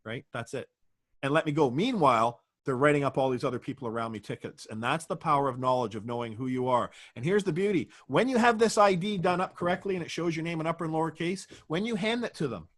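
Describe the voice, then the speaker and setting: Male guest, talks fast and emphatically, rhetorical questions, voice pitched a little high. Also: lively intonation. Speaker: interview guest. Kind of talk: conversational interview.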